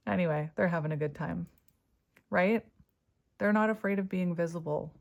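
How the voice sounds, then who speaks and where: A woman's voice: fairly low pitch, normal speed, vocal fry, pauses often, highs cut off. A middle-aged woman giving a casual spiritual tarot reading, chatty, laughing often and filling her talk with "like". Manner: chatty, with frequent fillers and laughs. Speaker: tarot reader.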